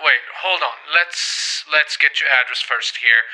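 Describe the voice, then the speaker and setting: A man's voice: medium pitch, unhurried, sharp tone, poor audio. An actor playing a pushy customer-service salesman with offhand sales patter.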